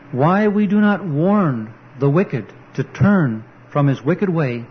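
A man's voice: on the high side, breathy edge. A man preaching an earnest, emphatic sermon, quoting scripture as he goes. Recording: dull lo-fi recording.

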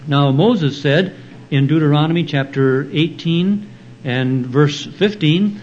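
Slow, deliberate male preacher. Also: a little high, darkish tone, highs cut off. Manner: slow, deliberate verse-by-verse explaining. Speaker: pastor. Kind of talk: expository Bible teaching sermon.

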